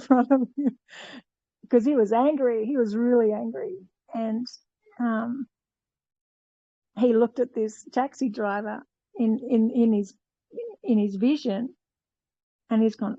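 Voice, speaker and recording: A woman's voice: fairly high pitch, steady tone, unhurried, gravelly, no room sound. Woman telling a long story, lots of ums and restarts, dull dry audio. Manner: rambling, many fillers and restarts, paraphrasing a story. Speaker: fellowship participant. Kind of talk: casual testimony retelling.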